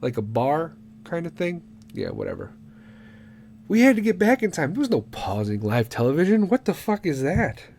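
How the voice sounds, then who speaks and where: A middle-aged man hosting a podcast, delivering a profane comedic rant that is full of swearing and bursts into shouted impressions. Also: a little high, sing-song, moderate pace, creaky, a little hiss or hum. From Illinois. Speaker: podcast host.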